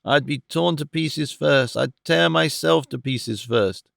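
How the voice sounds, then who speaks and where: Man doing a passionate young woman, low thick voice, vehement refusal, gravelly, audiobook. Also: slow, dry recording, clean studio sound, exaggerated voice. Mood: defiant.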